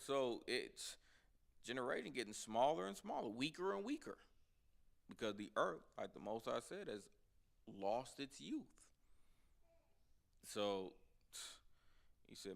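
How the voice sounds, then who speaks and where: A man leads a Bible study in a loose, conversational preaching style. His voice has a gravelly rasp, and he leans hard into his emphatic points while addressing the class as y'all. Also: on the high side, a bit bright. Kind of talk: informal sermon teaching.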